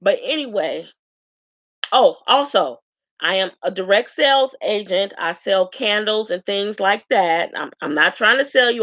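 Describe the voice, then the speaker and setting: A woman from Chicago giving a frank, chatty self-introduction to her viewers, pausing often with ums. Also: medium pitch, a bit bright, no room sound, muffled recording. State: tearful at times. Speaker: vlogger introducing herself. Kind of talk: casual self-introduction to camera.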